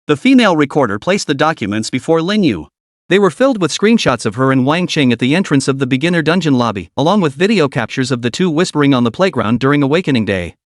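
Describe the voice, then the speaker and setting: A man's voice: fairly high pitch, sing-song, quick pace, dry recording, clean studio sound. A man narrating a scripted story in a dramatic recap reading.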